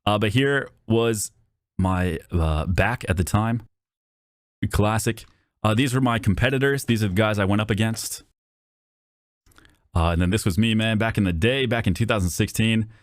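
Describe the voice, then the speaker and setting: A man streaming from home, telling a story in a casual, profane and animated way, often jumping up into high-pitched outbursts. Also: moderate pace, long pauses, no echo, studio quality. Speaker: VTuber streamer.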